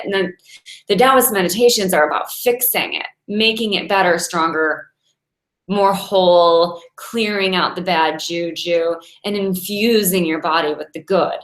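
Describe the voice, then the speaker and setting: This woman, a Taoist meditation teacher in her forties, has a somewhat bright voice on the low side. She delivers a chatty, inspirational talk full of stories and frequent laughter, recorded with roomy echo.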